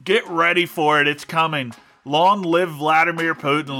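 Bright-voiced man ranting deadpan. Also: on the high side, normal speed, creaky, few pauses, faint music behind. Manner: mock-serious ranting, deadpan irony. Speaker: podcast host. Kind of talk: satirical monologue.

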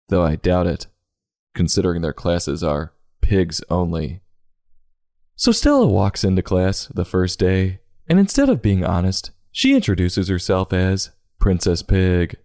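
A man hosting a comedic book review, sarcastic and crude, with deadpan asides. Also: sits low. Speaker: podcast host reviewing a book.

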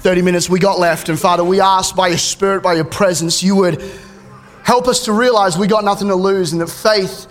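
A man's voice: high voice, steady tone, a little fast, soft background music. A man, preaching a sermon in a casual way with joking asides and frequent restarts. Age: 30s. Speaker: pastor.

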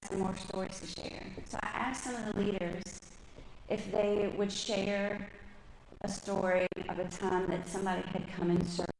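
A woman speaking at a women's church gathering, telling personal stories with a lively, chatty manner before a live audience. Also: medium pitch, moderate pace. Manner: lively, chatty storytelling, talks with her hands. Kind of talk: personal testimony and scripture teaching. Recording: echoey room with faint background noise.

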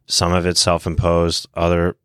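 A man's voice: sits low, completely flat delivery, moderate pace, a bit bright, clean tone, no echo, studio quality. A man hosting a podcast from the United States, talking in a blunt, profane, rambling casual monologue. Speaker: podcast host.

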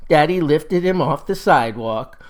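A man's voice: a little high, animated, moderate pace, lightly acted. A man playing a pompous, folksy Mississippi farmer, holding forth in a satirical comic monologue.

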